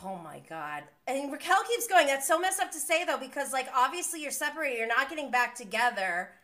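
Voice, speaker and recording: A woman recapping reality TV in a casual reaction vlog, exasperated and animated, saying "effing" in place of swear words. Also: high-pitched, a little fast. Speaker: vlogger.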